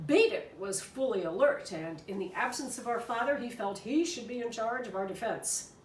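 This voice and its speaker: A woman reading a children's storybook aloud in an expressive, animated way. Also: fairly high pitch, normal speed, far from the mic, a little hiss or hum. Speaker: reader. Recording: echoey room from afar.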